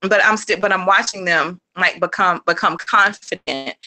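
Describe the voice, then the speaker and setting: A woman who is a homeschooling mother, talking as a guest in a relaxed interview. Her voice sits low, but her tone is bright and edgy. She rambles through fillers and false starts, laughs easily, and acts out other people's words as she tells stories. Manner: rambling and animated, full of fillers, restarts and quick laughs; acts out her kids' lines in a raised voice. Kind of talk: casual interview chat.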